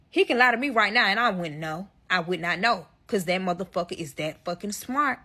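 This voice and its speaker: A woman's voice: mid-range voice, expressive, a little fast, hardly any pauses, pushed and bright. A woman telling a dramatic personal story to her viewers in a storytime vlog, swearing freely and talking straight to her audience.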